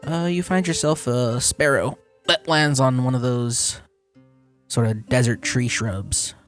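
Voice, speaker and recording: A man running a tabletop game as game master, describing scenes in a relaxed way. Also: medium pitch, unhurried, soft background music.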